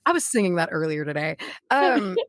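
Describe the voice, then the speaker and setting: A woman's voice: lowish voice, big pitch swings, brisk, no echo, studio quality. A woman co-hosting a casual podcast, rambling through an explanation with many fillers and restarts. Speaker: podcast co-host. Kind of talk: casual chat.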